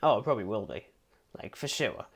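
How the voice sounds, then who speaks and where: A man's voice: lowish voice, lively intonation, a little fast, slightly rough. Rambling English man co-hosting a podcast. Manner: rambling and self-deprecating, with frequent "um"s and laughs. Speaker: podcast co-host. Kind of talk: casual film review chat.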